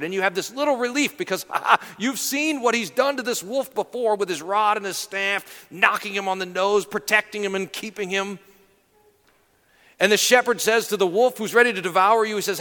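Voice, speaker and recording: A male pastor preaching an earnest sermon, telling a story and slowing down to go soft on key lines. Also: high-pitched, long reverb tail. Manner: earnest storytelling, drops to slow and soft for emphasis.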